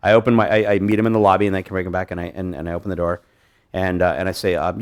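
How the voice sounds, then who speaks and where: In a meeting room before an audience, a man presents a live hypnosis demonstration, joking with volunteers and frequently restarting his sentences. His low voice is clean in tone and very fast, and his manner is animated and playful.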